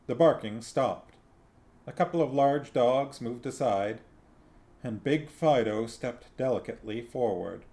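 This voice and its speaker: A man reading a novel aloud on a stream, narrating slowly. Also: medium pitch, mellow. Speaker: reader on a stream.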